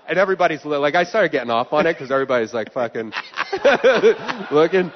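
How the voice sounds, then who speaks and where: Man, comedian, profane ranting story, higher voice, muffled live hall recording. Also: very animated, fast, a little hiss or hum. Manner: profane, ranting, builds to shouting. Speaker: comedian guest. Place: live venue stage. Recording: dull live stage audio with long reverb.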